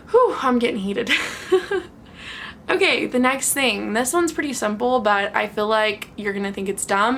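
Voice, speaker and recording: A young woman in her twenties talking casually and frankly to the camera at home, animated and laughing often. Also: fairly high pitch, a little hiss or hum. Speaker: vlogger.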